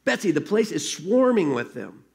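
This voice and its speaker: A man with a gravelly voice reading the lines of a frightened young woman prisoner in a story, anxious and pleading. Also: high voice, sing-song, moderate pace, a little mellow, voice pushed up, full character voice. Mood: distressed.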